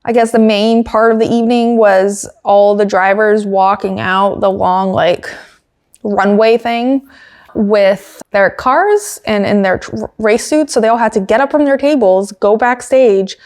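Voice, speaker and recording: A woman's voice: medium pitch, measured pace, a little mellow. Chatty woman podcast host, giggly asides. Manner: chatty, lots of fillers and giggles, dry asides. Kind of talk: casual chat recapping motorsport news.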